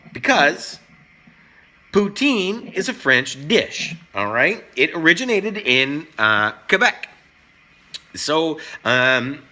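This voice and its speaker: A middle-aged man hosting a joking, casual cooking vlog, swinging between loud and soft. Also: fairly high pitch. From Canada. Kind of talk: casual talk to camera.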